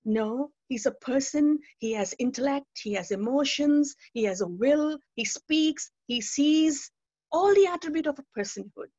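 Woman preacher, higher husky voice, earnest testimony over a muffled video call. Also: lively intonation, normal speed, dark tone, dry recording. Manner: earnest, emphatic, repeats key phrases. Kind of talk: testimony and teaching talk. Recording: dull lo-fi webinar audio.

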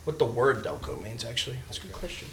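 A man hosting a podcast, chatting casually and excitably about football in a slangy, trash-talking way. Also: mid-range voice, fast talker. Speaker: podcast host. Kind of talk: casual sports chat while watching a game.

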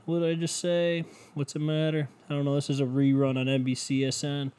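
A man's voice: fairly high pitch, flat delivery, brisk, few pauses, a little mellow, clear, resonant tone. A young man hosting a solo podcast into a cheap desk mic at home, rambling in a crude, self-mocking way with lots of swearing. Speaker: podcast host. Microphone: cheap desk mic, headphones.

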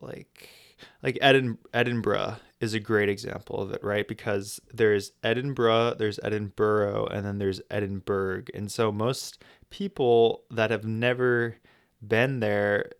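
A young American man rambles through a casual travel vlog, joking and restarting his sentences. His voice sits low and comes across smooth and clear. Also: fairly even intonation, unhurried. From United States. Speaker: travel vlogger.

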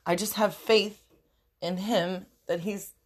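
A woman's voice: mid-range voice, steady tone, takes it slowly. A young woman talking in an emotional personal vlog, tearful and crying as she speaks, swearing freely. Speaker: vlogger.

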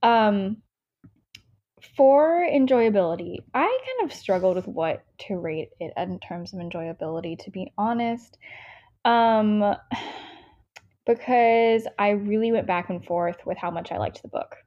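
A woman's voice: medium pitch, a little slow, mellow. A young American woman co-hosting a book podcast, chatting casually and rambling, with lots of fillers and self-interruptions. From United States. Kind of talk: casual book review chat. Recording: slightly dull lo-fi sound.

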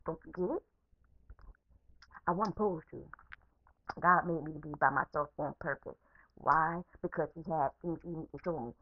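A woman's voice: low voice, moderate pace, pauses often, lo-fi sound. A woman podcaster in an angry, unscripted rant, swearing heavily and repeating herself, recorded as a phone voice message. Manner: profane, repetitive, heated.

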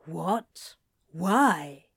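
Woman reader as a blunt, flat-voiced male demon in a storybook; low and curt. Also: extremely slow, gravelly, husky, dry recording, heavily acted. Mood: dismissive.

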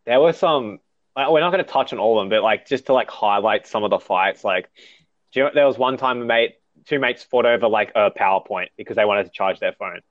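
A man's voice: lowish voice, brisk, no room sound, muffled recording. A man chatting casually, laid-back and swearing, saying "dude" and "bro". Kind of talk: casual chat.

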